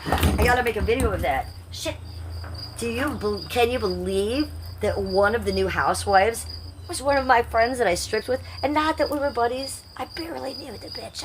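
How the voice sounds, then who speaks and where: A woman's voice: fairly low pitch, noisy background. A woman hosting a casual livestream, rambling and confiding as she talks straight to her viewers. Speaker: livestream host.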